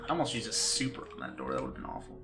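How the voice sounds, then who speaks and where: A man's voice: very deep voice, big pitch swings, rapid-fire, gravelly, over music. A man streaming a game race, mumbling to himself and humming beeps and boops. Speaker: streamer racing a randomizer game. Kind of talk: casual live-stream chatter.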